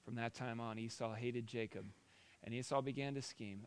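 A man's voice: medium pitch, fairly even intonation, moderate pace, clear, resonant tone. A man preaching a sermon, retelling scripture in a conversational storytelling way.

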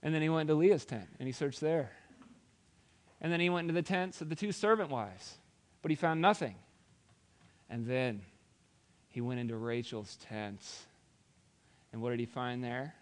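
A man's voice: mid-range voice, normal speed, long pauses, clear, resonant tone. A man preaching, retelling a scripture story in a dramatic, conversational way with wry asides. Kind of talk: sermon storytelling.

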